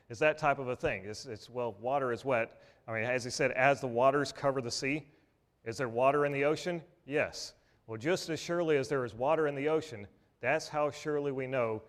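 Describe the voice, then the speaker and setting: Man, church sermon, folksy, conversational, mid-pitched voice. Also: fairly bright tone. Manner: conversational, folksy, with restarts and asides. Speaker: preacher.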